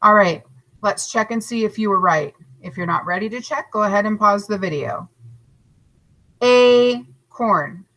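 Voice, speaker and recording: A woman teacher giving a recorded lesson to young children, stretching out each word slowly and encouraging them. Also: medium pitch, pushed and bright, rough recording. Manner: slow, drawn-out modeling of words, encouraging.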